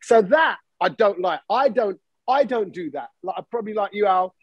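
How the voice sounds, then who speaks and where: A man hosting a podcast in casual chat, animated and acting out the voices of people he quotes. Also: high voice, moderate pace, dry recording, lo-fi sound. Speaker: podcast host.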